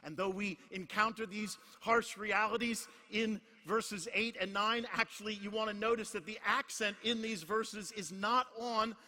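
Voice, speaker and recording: A middle-aged man preaching a sermon in a large conference hall, emphatic and repetitive, swinging from hushed lines to shouts. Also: sits high, steady tone, unhurried, hardly any pauses. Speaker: pastor. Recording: long hall reverb.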